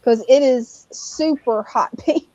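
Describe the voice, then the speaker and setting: A woman's voice: high voice, slow pace, a little mellow. A woman co-hosting a livestream in casual chat, teasing and laughing often. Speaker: livestream co-host. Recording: dull dry sound.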